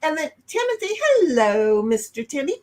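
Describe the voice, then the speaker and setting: A woman co-hosting a casual livestream chat, blunt and brash, swearing freely and breaking into sudden loud outbursts. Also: high voice, big pitch swings, moderate pace. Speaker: livestream co-host.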